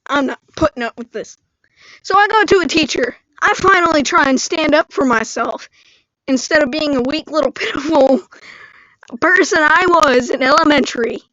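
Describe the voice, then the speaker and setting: A woman vlogger telling a story on a live stream in an animated way, acting out the lines people said. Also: high voice, no echo, lo-fi sound. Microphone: screen-recorded live stream mic.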